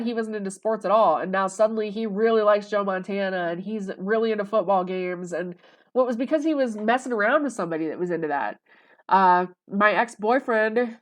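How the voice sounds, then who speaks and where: Chatty woman vlogging in a mid-pitched voice. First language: English. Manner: rambling and conversational, with many fillers. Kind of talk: casual monologue to camera.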